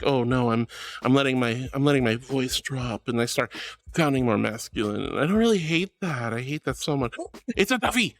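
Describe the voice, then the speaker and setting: A woman streaming live and chatting with viewers, bubbly and gushing, greeting people with pet names. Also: rumbling low. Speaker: streamer reading chat. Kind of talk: casual live-stream chat.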